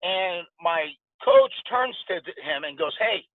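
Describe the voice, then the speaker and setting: A man in his forties, a podcast guest, casually telling lively stories and acting out the dialogue. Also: on the high side, measured pace, no room sound. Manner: animated anecdote-telling with quoted dialogue. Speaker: podcast guest, former boxer. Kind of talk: casual storytelling interview. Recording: dry, tinny phone-like sound.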